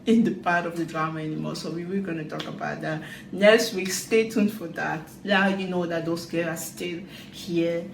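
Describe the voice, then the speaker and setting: A woman recapping a dating show in casual chat, talking loosely with quick asides and loose grammar. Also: lowish voice, echoey room, slight background noise, low-quality recording. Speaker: reality TV recap vlogger.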